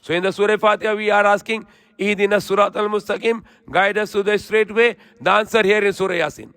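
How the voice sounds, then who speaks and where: This preacher's high-pitched voice is clean and a bit bright, with fairly even intonation, captured in a dry recording. He offers verse-by-verse Quran commentary, reciting rapidly and fluently, then translating and explaining earnestly.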